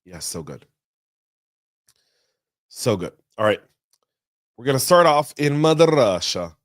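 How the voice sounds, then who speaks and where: A man hosting a news podcast, talking through the stories in a chatty, energetic way with folksy asides. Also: mid-range voice, takes it slowly, dry recording, clean studio sound. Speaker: podcast host. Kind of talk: casual news commentary. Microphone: studio mic.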